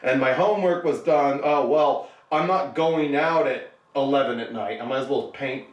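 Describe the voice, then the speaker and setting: A man's voice: mid-range voice, moderate pace, echoey room, recorded from a distance, lo-fi sound. A man in his thirties hosting a hobby show, talking in a sarcastic, rambling way and cracking jokes. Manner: sarcastic, rambling with jokey put-on voices. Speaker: show host. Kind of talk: casual hobby chat.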